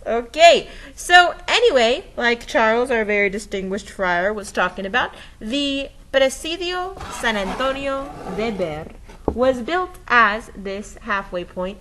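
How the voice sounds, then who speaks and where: A woman's voice: fairly high pitch, a bit bright, low-quality recording. A woman presenting a recorded history lesson, explaining step by step in a playful, enthusiastic way with dramatic sound effects and frequent checks like "okay?".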